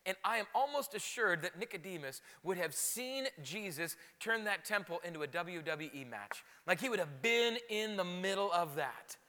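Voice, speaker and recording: A man preaching a sermon as pastor, animated and conversational, often repeating words for emphasis. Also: high voice, normal speed, hardly any pauses, big-room sound.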